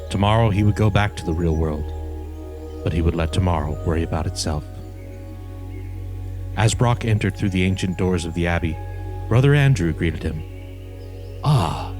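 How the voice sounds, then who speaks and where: A man hosting a podcast, reading a comic story aloud in a deadpan narrating voice. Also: low voice, moderate pace, long pauses, soft background music. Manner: deadpan narration that keeps breaking into laughter.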